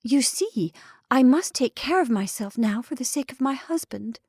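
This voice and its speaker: A woman voicing a meek, sly wife who talks softly in a high, plaintive voice. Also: expressive, moderate pace, slightly rough, no room sound, clean studio sound, heavily acted.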